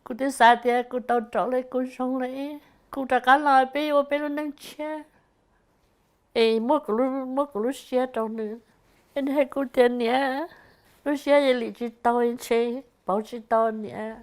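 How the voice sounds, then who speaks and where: A woman's voice: high-pitched, fairly even intonation, moderate pace, clean tone. A woman giving an earnest, emotional interview testimony.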